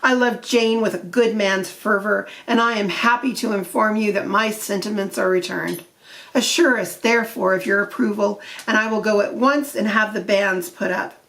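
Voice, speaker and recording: A woman's voice: medium pitch, steady tone, normal speed, vocal fry, fairly bright tone. A woman voicing a young male curate, brash and hearty, speaking with breezy, slangy confidence.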